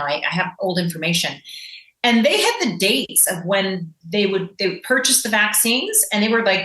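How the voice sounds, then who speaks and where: A woman speaking as a podcast guest, emphatic and defiant in how she talks. Her voice is bright and forceful, and it rings a little in a roomy space. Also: mid-range voice. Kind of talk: podcast interview.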